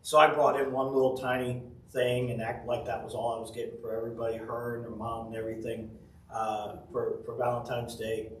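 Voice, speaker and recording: A man's voice: medium pitch, little pitch movement, brisk, a little hiss or hum. A man giving a casual devotional sermon, telling folksy family stories with chuckles. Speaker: pastor. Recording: roomy audio from a distant mic.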